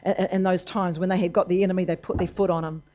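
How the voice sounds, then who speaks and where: A preacher delivering a sermon emphatically, moving between loud bursts and low, intense passages. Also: little pitch movement, fast. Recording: dull lo-fi recording.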